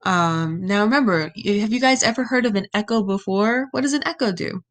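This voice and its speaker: A woman's voice: mid-range voice, a little fast. A young woman teaching a class, reading a myth aloud and explaining it in casual, plain words as she thinks it through. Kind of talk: reading lesson, thinking aloud over a text.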